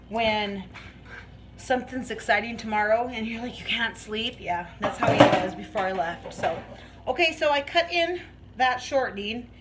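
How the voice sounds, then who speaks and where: A woman's voice: on the high side, a bit bright, a little hiss or hum, low-quality recording. A woman vlogging as she bakes in her home kitchen, chatting in a rambling way and laughing often. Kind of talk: casual chat while baking.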